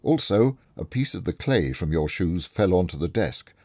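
A man reading a story aloud, voicing a calm, clever male detective who explains things step by step and is kindly but firm. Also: deep voice, normal speed, slightly rough, dry recording, pitched above the performer's own voice, heavily acted. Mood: explaining. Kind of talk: audiobook reading.

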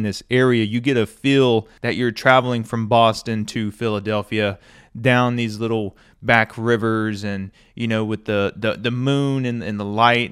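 A man's voice: medium pitch, clean tone, no room sound, clean studio sound. A man hosting a podcast, giving a casual, conversational review of a classic book with loose everyday fillers. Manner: relaxed, conversational, loose fillers like "you know" and "stuff like that".

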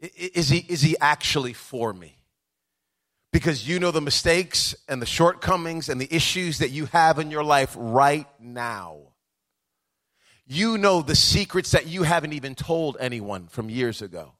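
Impassioned preacher, slightly high voice. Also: male voice, lively intonation, measured pace. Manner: impassioned, swinging from hushed asides to rising preacher's cadence; conversational storytelling with chuckles. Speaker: pastor. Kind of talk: sermon.

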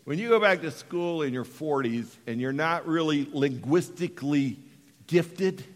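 A middle-aged man from Western Colorado preaching a sermon, dropping to hushed tones and rising to shouts. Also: a little high, expressive, a little slow, long reverb tail. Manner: dramatic, swings from hushed to shouting. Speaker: pastor.

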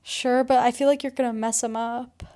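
A woman's voice: a little high, steady tone, normal speed, warm tone. A young woman co-hosting a podcast, telling a dramatic, gossipy story in casual chat and swearing freely. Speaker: podcast co-host.

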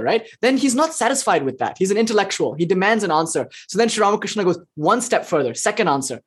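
Husky-voiced teacher, flippant and animated. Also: mid-range voice, fast, hardly any pauses. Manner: flippant, joking, swears casually; animated and expressive. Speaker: spiritual teacher. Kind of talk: informal spiritual lecture with chanting.

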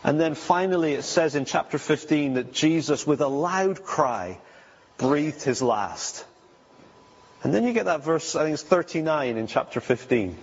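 A man gives a sermon in a relaxed, conversational way, stopping to restart phrases and asking his listeners questions. His voice sits a little high and sounds husky. The recording is muffled and lo-fi, with a long reverb from a large hall. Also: unhurried. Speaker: preacher.

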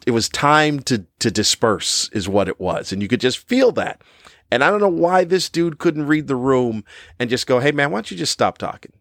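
A middle-aged man talking casually to his regulars in a wry, rambling way, often restarting and filling pauses. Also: fairly low pitch, fairly bright tone, no room sound, studio quality. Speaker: podcast host. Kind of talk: casual monologue.

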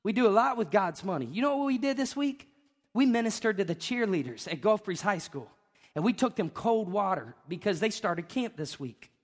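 Emotional pastor in a reverberant church. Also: male voice, sits high, very animated, normal speed. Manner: emphatic, emotional preaching with repeated questions and rising shouts. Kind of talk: sermon. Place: church sanctuary. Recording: long reverb of a church hall.

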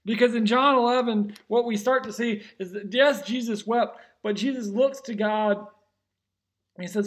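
Man preaching a sermon, high voice, earnest and emphatic, restarts phrases, then drops soft and slow. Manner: earnest preaching, rising to emphatic cries, dropping to soft, slow near-whispers; frequent restarts and repeated words. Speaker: pastor.

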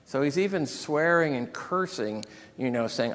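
A man pastor preaching a sermon, retelling scripture and a personal story with deep emotion. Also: lively intonation, a little slow, a bit bright. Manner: emotional storytelling, reads scripture aloud with rising intensity. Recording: long hall reverb.

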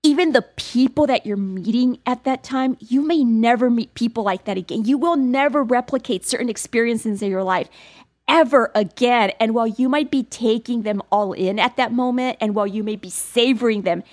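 A woman co-hosting a podcast, with a noticeably high-pitched voice. She talks in an effusive, openly emotional way and jumps in quickly to agree with her partner. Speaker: podcast co-host. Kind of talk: casual conversational podcast chat.

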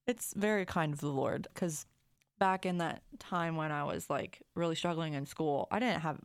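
Earnest young woman with a lowish voice. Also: normal speed, clear, resonant tone, no echo, studio quality. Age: young adult. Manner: earnest with lots of "like", animated when telling stories. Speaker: guest. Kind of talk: casual chat.

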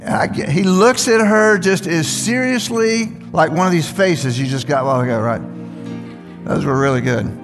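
A man's voice: on the high side, moderate pace. An older man preaching a sermon as pastor, talking conversationally and asking the congregation questions. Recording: long hall reverb with faint music.

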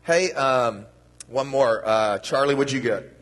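A man's voice: medium pitch, a little slow, fairly bright tone. A man giving a children's sermon in a church, talking to the kids in a playful, friendly way. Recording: long reverb of a church hall.

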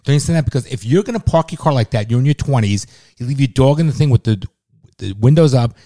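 A man's voice: medium pitch, lively intonation, fast, mellow. A middle-aged man co-hosting a podcast in casual chat, ranting in a heated, profane and emphatic way. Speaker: podcast co-host.

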